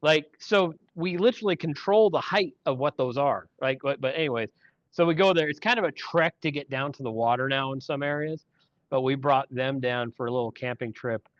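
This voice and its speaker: A man's voice: medium pitch, brisk, no room sound. Rambling man, dry lo-fi podcast sound. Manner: rambling storyteller with frequent restarts. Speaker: podcast host. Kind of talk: casual chat.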